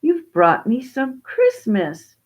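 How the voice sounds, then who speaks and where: A woman's voice: high voice, huge pitch swings, takes it slowly, voice pushed up, heavily acted. A woman voicing a poor, kindly old widow in a storybook tale, fond and gushing. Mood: delighted.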